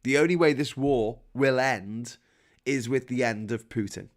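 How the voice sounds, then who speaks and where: A man with a British accent delivering a sweary, animated political rant as host, laughing between points. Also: medium pitch, unhurried. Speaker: podcast host.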